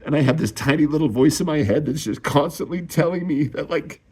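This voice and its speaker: A man's voice: on the high side, brisk, a little mellow, husky. A young man in a raw confessional monologue, swearing and sighing as his voice rises and falls with distress. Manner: raw, swearing, sighing often, voice rising when upset. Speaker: vlogger.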